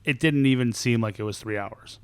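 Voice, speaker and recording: A man appearing as a guest on a podcast, chatting casually and retelling scenes with animated, acted-out quotes. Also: mid-range voice, fairly quick, a crowd in the background. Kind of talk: casual chat.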